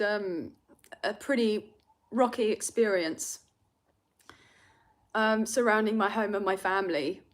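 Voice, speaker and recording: A young British woman with a London accent, hosting a tarot livestream and chatting emotionally with viewers, rambling with fillers and nervous laughs. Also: mid-range voice. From Britain. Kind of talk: casual livestream chat reading comments.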